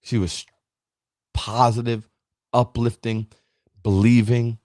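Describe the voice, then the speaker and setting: A man's voice: medium pitch, little pitch movement, takes it slowly, a little mellow, no room sound, studio quality. Emotional motivational man on a livestream. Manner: emotional, preachy, greets viewers by name. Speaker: livestream host. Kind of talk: motivational live stream talk.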